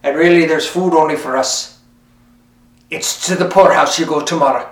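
A man's voice: fairly high pitch, normal speed, pitched below the performer's own voice, close to an everyday voice. A man voicing a grumbling young farmer who scolds his father. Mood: scolding. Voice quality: complaining, scolding. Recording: roomy, mic at a distance.

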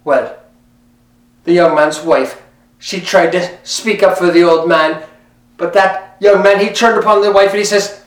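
Fella spinning an old folk tale, chatty and lilting, echoey room, mic a bit far off. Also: male voice, high voice, fairly even intonation, a little slow. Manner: lilting, conversational, speaks to the listener. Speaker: storyteller. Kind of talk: oral folk-tale telling. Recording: roomy, mic at a distance.

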